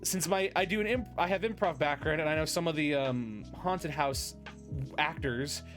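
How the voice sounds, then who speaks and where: A podcast host with a fairly high, bright voice talks at a moderate pace, faint music in the background. He chats casually and tells rambling stories, restarting often and filling gaps with fillers.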